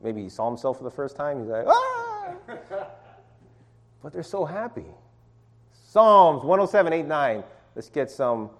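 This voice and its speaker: A man's voice: a little high, very animated, moderate pace, fairly bright tone. A middle-aged man leading an informal sermon and Bible study, calling on listeners to read verses aloud and talking with many restarts.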